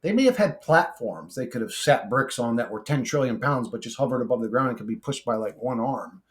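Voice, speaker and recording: A man talks off the cuff to his viewers in a blunt, profane way. He wanders through his thoughts with frequent restarts and fillers. His voice sits at an ordinary middle pitch for a man. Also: expressive, a little fast. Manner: blunt, swears freely, rambling with restarts. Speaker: YouTuber reading comment replies. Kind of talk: casual monologue.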